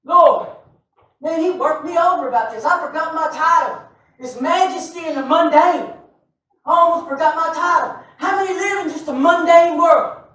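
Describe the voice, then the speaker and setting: A male preacher delivering a lively sermon, joking with and calling out to his congregation. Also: very high-pitched, normal speed. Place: church sanctuary. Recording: very echoey church hall, mic far off.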